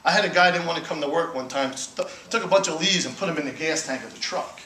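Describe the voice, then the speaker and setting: Man, lively storyteller, bright forceful tone, echoey room, faint background hum. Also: a little high, fast talker. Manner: animated storyteller acting out dialogue, frequent "right?". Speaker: company president telling his story. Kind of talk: motivational talk to an audience.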